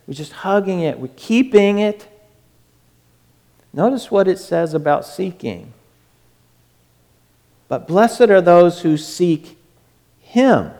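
Male preacher, fervent, unhurried delivery, lingering reverb of a large room. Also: sits high. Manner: fervent, swings from loud urging to soft hush. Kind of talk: sermon.

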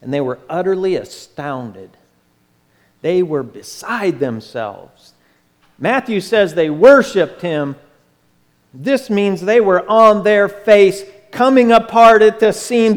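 A pastor preaching a sermon, telling the story with lively, animated storytelling and acting out the voices of the people in it. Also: male voice, high voice, takes it slowly. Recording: long hall reverb.

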